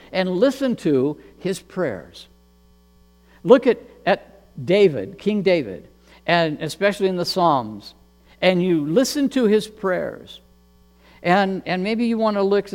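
A man preaching a sermon as pastor, earnest and measured, often repeating words as he goes. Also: high voice, darkish tone, long reverb tail.

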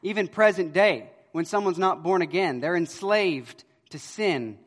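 Preaching man in a reverberant hall. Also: unhurried. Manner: storytelling, swings between loud emphasis and quiet low lines. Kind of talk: expository sermon.

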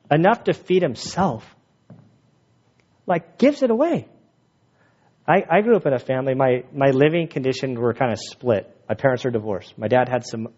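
A man preaching a sermon and telling his own stories in an animated, jokey way, laughing at his own stories. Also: medium pitch, husky, dull audio. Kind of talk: sermon with personal storytelling.

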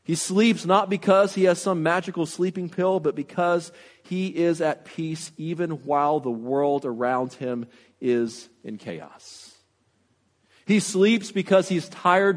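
A man with a high voice delivers an earnest sermon, often pausing to ask the congregation questions and restarting his phrases. His voice rings out with the long reverb of a big church hall. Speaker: pastor. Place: church sanctuary.

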